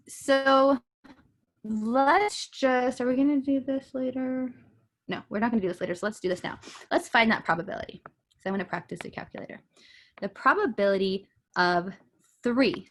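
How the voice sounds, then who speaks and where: A woman's voice: mid-range voice, slight background noise. A woman math teacher recording a lesson from her bedroom, casual and thinking aloud with frequent ums.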